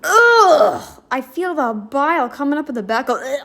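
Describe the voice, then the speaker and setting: A woman's voice: high voice, a little fast. A woman hosting a reaction video, talking back at the screen with indignant, emphatic commentary.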